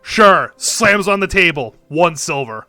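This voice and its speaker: A man's voice: a little high, expressive, measured pace, sharp tone, soft background music, heavily acted. A man voicing a blunt, terse shopkeeper in a tabletop game. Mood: curt.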